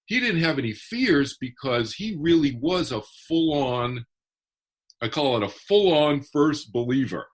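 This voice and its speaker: Give me a man with a husky voice explaining his ideas earnestly in an interview. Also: on the high side, animated, measured pace. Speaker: guest author. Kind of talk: podcast interview.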